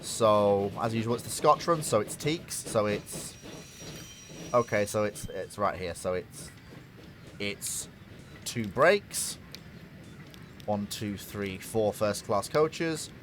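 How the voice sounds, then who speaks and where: A man's voice: on the low side, lively intonation, slow pace, pauses often, a little hiss or hum. A man casually commenting while he plays a strategy game on a live stream, rambling and talking to himself and to the game. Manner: rambling, talks to himself and the game, self-mocking.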